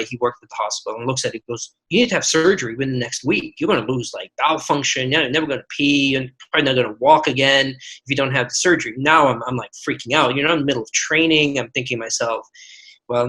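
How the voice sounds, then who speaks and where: An earnest man in his forties talks through his own stories as a podcast guest. His voice is bright and forward, and he often restarts his sentences as he works toward his point. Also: mid-range voice, poor audio. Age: 40s. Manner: earnest, storytelling with many restarts. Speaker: guest physician. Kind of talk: podcast interview.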